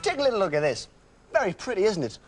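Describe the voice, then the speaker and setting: A man impersonating a stern, mocking female TV presenter with a shrill, scornful delivery. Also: big pitch swings, fast.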